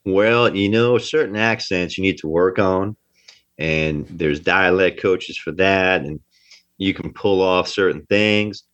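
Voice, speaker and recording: A man's voice: sits low, slow pace, fairly bright tone. A man from New Jersey, an actor being interviewed, talking emphatically and often repeating himself. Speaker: actor guest. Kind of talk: casual interview talk. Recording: dull lo-fi sound.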